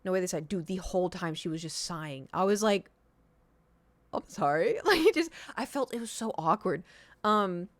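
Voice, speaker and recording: A woman in her thirties chatting casually on a live stream, telling a rambling, animated story with restarts and the odd swear word. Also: fairly low pitch, fairly quick, dry recording. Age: 30s.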